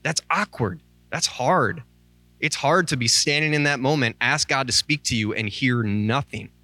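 Guy minister preaching kinda teary, chatty and earnest, lots of likes and ums, bright voice, dry sound. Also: medium pitch, moderate pace, no room sound. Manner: candid and conversational, with many "like" and "um" asides; earnest and pleading. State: tearful, close to crying. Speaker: associate minister. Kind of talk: informal sermon. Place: church. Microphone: microphone.

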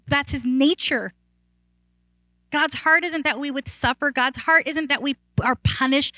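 A woman pastor preaching a sermon in a chatty, animated way. Her voice sits high and sounds bright and forward. The sound is close and dry, with little room around it. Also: no echo, low-quality recording. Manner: animated, rises in pitch and volume when excited; conversational with frequent "like" and restarts.

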